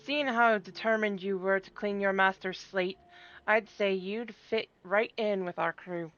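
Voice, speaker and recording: A woman voicing a blunt, gruff male sky pirate captain with a drifting accent, reading game dialogue aloud. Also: medium pitch, measured pace, fairly bright tone, lightly acted. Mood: earnest. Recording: dull lo-fi with game music.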